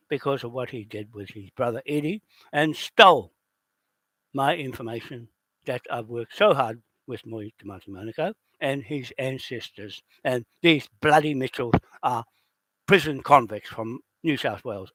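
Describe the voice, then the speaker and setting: A man in an unscripted rant, heated and accusatory, swearing and often shouting. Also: mid-range voice, normal speed, no echo. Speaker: video host.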